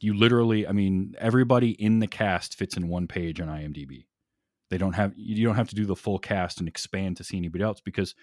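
Low-voiced man chatting about movies. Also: a little mellow, dry recording, studio quality. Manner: enthusiastic, laughs often, rambling restarts. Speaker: podcast co-host. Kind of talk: casual movie discussion.

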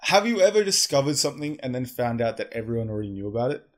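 A young man co-hosting a casual podcast, animated and laughing, swearing freely. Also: medium pitch, very fast. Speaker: podcast co-host. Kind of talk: casual chat.

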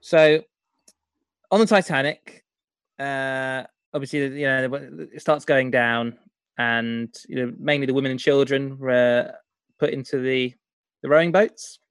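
A man's voice: mid-range voice, unhurried, smooth, dry recording. A man co-hosting a podcast, rambling and hesitant in casual chat. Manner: rambling, hesitant, full of filler. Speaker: podcast co-host.

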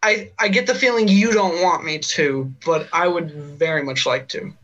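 A man's voice: on the high side, normal speed, fairly bright tone, highs cut off. A man playing an awkward actor at an audition, mumbling sulky asides. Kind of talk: comedic sketch, audition scene.

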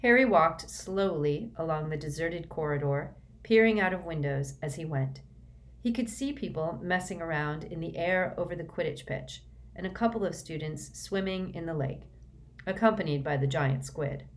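A woman reading a storybook aloud in a steady, measured way. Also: low-pitched. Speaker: audiobook reader. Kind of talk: storybook narration.

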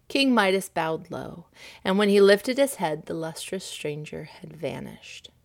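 A woman reading a storybook aloud as narrator, expressive and gently paced. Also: lowish voice, unhurried, gravelly.

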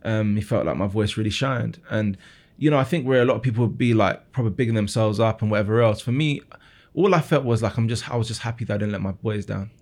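Earnest low-voiced man telling his story. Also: fast, darkish tone. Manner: earnest, with frequent restarts and repeated words. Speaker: guest musician. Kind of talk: storytelling interview answers.

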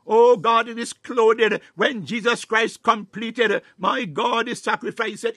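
A man preaching a fervent sermon, filling every pause with "my God" and "hallelujah" and sometimes breaking into tongues and shouts. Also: high-pitched, no room sound, studio quality. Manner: bursts into tongues, rising to shouts.

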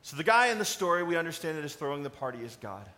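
Bright high-voiced man preaching. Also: racing. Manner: conversational, animated preaching with rhetorical questions to the congregation. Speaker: pastor. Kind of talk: sermon.

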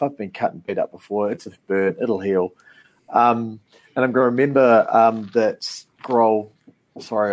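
Dude at a tabletop game, swears a lot, rambles, mid pitch. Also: male voice. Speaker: player. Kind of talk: casual tabletop play.

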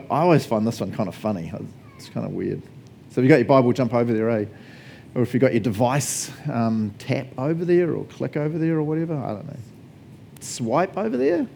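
A man's voice: medium pitch, gravelly, mellow, slight background noise. A male pastor preaching a sermon conversationally, laughing often and asking the congregation questions.

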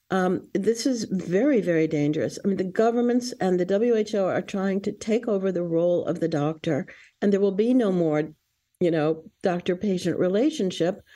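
A woman's voice: mid-range voice, dark tone. A woman answering interview questions in an earnest, warning way, with frequent fillers and restarts. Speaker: guest.

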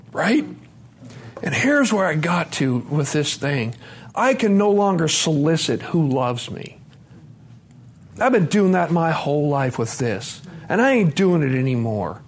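A man, sharing a raw, profane, confessional recovery story at a conference. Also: high voice. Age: 40s. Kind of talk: emotional personal testimony. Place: conference room.

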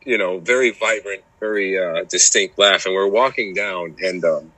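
A man's voice: low voice, moderate pace, pushed and bright, no room sound, low-quality recording. A man guest on a hiking podcast, talking casually and rambling with lots of "you know" and restarts. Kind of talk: casual chat.

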